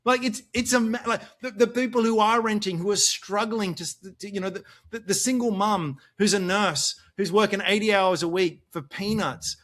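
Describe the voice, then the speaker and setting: A man's voice: high voice, fairly even intonation, moderate pace, a bit bright. An Australian man talking in a casual podcast discussion, passionate and worked up, often restarting his sentences. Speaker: podcast panelist.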